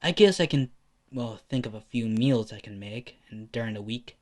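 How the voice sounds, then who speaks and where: A man voicing a mild teenage boy in an amateur fan story, hesitant and halting in speech. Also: mid-range voice, expressive, a little mellow, lightly acted.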